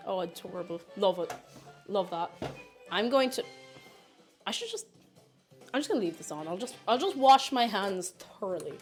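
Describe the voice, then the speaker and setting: A woman's voice: medium pitch, animated, normal speed, pauses often, soft background music. A woman chatting bubbly on a livestream, reading chat messages aloud while she bakes. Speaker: streamer.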